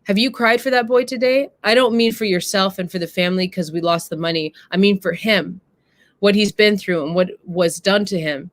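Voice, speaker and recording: Woman reading a wise, loving mother, measured and folksy, dry close sound. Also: mid-range voice, dry recording, lightly acted. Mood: tender, instructive. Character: wise, loving mother scolding her daughter gently. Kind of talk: reading a play quote aloud.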